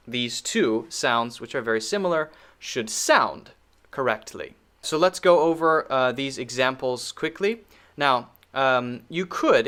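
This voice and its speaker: A man with a bright, clear-toned voice teaches pronunciation. He repeats example words over and over at an easy pace. He checks in often with a patient "okay?". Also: mid-range voice. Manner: demonstrates words by repeating them slowly. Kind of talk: pronunciation lesson.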